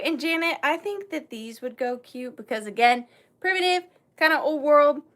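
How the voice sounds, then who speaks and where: A woman with a Southern US accent runs a live vintage sale, chatty and bubbly, thanking viewers by name as she sells casually on stream. Her voice sits fairly high with a fairly bright tone. Faint room noise can be heard.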